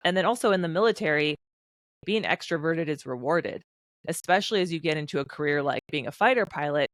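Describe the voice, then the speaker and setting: A woman in her thirties, a former fighter pilot, chatting as a podcast guest in an animated storytelling way, acting out quotes. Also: deep voice, no room sound. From United States. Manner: animated storyteller, quick bursts, acts out quotes. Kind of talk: casual interview conversation.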